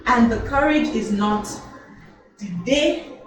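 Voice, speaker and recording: A young woman giving a motivational public speaking lesson to a live audience, animated and quizzing the listeners with questions. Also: a little high, slow. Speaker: elocution and public speaking trainer. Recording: very echoey hall, voice from far off.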